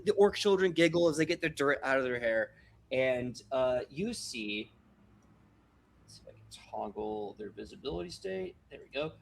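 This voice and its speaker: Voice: medium pitch, gravelly, slight background noise. A game master narrating a tabletop game in a playful, chatty way, with frequent fillers and restarts. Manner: animated, playful, with fillers and self-corrections.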